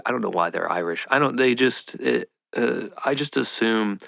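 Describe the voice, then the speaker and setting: Gravelly guy rambling on his podcast, playful, goofy mock voices, dry close sound. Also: mid-range voice, expressive, moderate pace, hardly any pauses, fairly bright tone, no room sound. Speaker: podcast host. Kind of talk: casual monologue.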